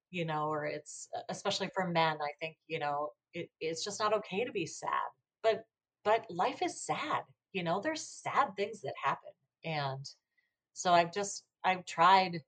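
Woman, American accent, low pitch, reflective, conversational interview. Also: fairly bright tone. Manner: reflective, with frequent you-knows. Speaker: podcast guest.

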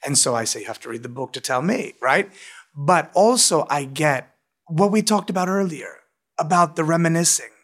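Pria bercerita penuh emosi, suara agak tinggi. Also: male voice, on the high side, lively intonation, moderate pace, a bit bright. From United States. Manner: emotional, storytelling, frequent "right?". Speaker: restaurant owner and author. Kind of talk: interview.

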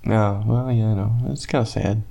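A man's voice: on the low side, steady tone, moderate pace, gravelly, mellow. A man co-hosting a podcast in casual chat, dry and teasing, laughing often. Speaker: podcast co-host.

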